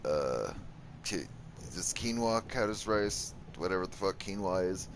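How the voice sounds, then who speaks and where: A man's voice: deep voice, expressive, unhurried, noisy background. A man casually commenting on his gameplay, joking, swearing and talking to the enemies on screen. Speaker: gameplay streamer. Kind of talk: casual let's-play commentary.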